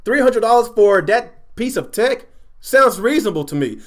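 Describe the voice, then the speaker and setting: Animated high-voiced man ranting on stream. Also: moderate pace. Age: adult, a father. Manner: animated, repetitive, addresses chat directly. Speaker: gaming livestream host. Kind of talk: casual livestream rant. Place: home.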